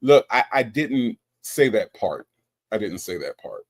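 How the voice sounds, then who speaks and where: A man's voice: mid-range voice, very animated, measured pace, gravelly, breathy edge. A man hosting a casual livestream, reading chat comments aloud and joking, often stumbling and repeating himself.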